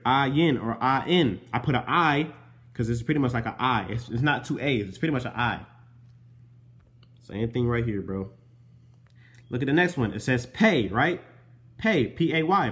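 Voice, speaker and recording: A young man in a casual show-and-tell vlog, explaining letters from his notes, spelling them out slowly and calling the listener bro. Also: medium pitch, fairly bright tone. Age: young adult. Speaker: vlogger teaching Hebrew letters.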